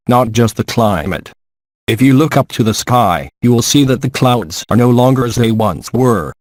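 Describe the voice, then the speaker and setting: A man reading an English voice-over translation of a spiritual gathering in a measured, steady way, close to the mic. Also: mid-range voice, dry recording.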